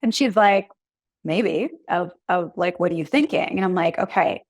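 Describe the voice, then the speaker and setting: A woman in her thirties, a podcast guest and coach, telling her story in a chatty, animated way full of "like"s. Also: lowish voice, moderate pace, no echo. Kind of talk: casual conversational interview.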